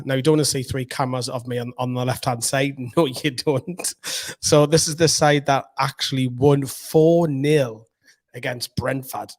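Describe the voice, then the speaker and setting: A Geordie man with a mid-pitched voice that is slightly hoarse from shouting. He talks to camera from a room at home as the host of a football fan channel. He is upbeat and rambling, and keeps it casual.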